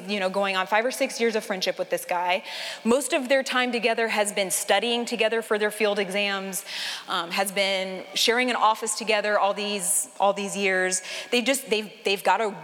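A woman's voice: mid-range voice, a bit bright. Woman speaking in a reverberant hall. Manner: earnest, laughs at herself, many fillers. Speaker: speaker at a Christian conference. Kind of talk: conference talk with personal story.

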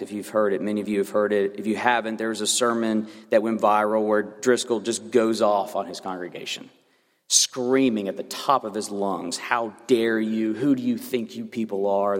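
A man in his thirties preaching a sermon as pastor, earnest and building to fervent emphasis. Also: lowish voice. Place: church sanctuary. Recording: long reverb of a church hall.

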